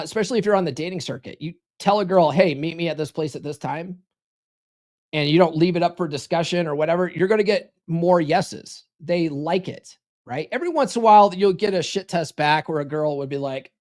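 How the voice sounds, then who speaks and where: A man talking as a relationship coach on a live stream, casual and confident, often tagging his points with "right?" and short laughs. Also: sits high.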